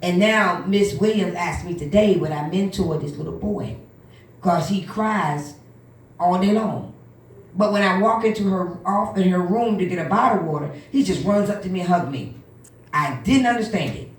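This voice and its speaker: A woman minister giving an animated church testimony, acting out the voices of the people in her story. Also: fairly low pitch, normal speed. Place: church hall. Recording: echoey room from far off.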